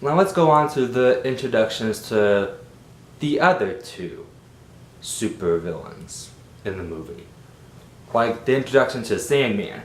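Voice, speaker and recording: A man giving a casual, rambling film review, animated and exasperated. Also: measured pace. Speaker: movie reviewer. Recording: roomy with faint rumble.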